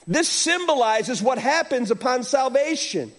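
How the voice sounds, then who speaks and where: Male pastor, middle-aged, lively storytelling sermon, high voice with big swings. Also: a little slow. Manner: animated storytelling preacher, acts out voices.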